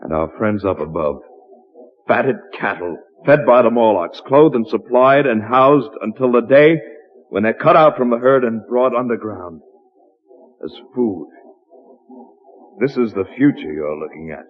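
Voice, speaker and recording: An actor playing a resolute male time traveler who leads with calm, firm explanations, in a vintage radio drama. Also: mid-range voice, unhurried. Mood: solemn. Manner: steady, commanding, explains things firmly. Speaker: lead character in a radio play. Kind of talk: 1950s radio drama acting. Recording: dull old radio broadcast with faint hiss.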